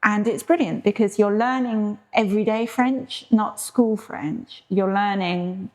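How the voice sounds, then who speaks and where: A woman's voice: mid-range voice, unhurried. A middle-aged British woman co-hosting a podcast, chatting and telling stories in a friendly way. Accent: British English. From Britain. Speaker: podcast co-host. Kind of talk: casual chat.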